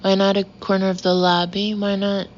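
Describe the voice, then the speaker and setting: A woman's voice: medium pitch, level tone, moderate pace, dull audio, slight background noise, lightly acted. A woman reading an audiobook voices a prim, indignant young wife.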